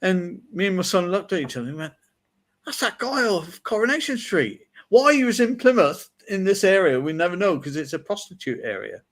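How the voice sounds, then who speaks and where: A man's voice: sits high, big pitch swings, a little fast. A man from England telling rambling anecdotes in a casual podcast chat over a video call. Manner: rambling anecdotal storytelling with many fillers. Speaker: podcast host.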